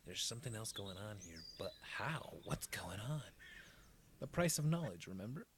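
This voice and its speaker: A man voicing a calm, caring young huntress teammate who speaks softly and reassuringly. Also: on the low side, moderate pace, a little hiss or hum. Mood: hushed serious.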